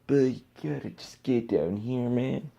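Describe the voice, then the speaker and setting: A man's voice: mid-range voice, a little slow, gravelly, warm tone, voice pushed up. A young man imitating his father as a nagging middle-aged dad who keeps lecturing him. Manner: nagging, insistent.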